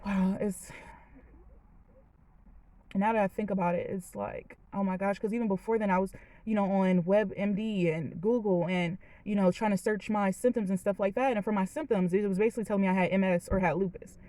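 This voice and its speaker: A woman's voice: medium pitch, steady tone, fairly quick, dark tone, rough recording. A woman in her late twenties, a vlogger telling a personal story in a candid, chatty and emotional way, with many fillers, from a parked car. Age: late 20s.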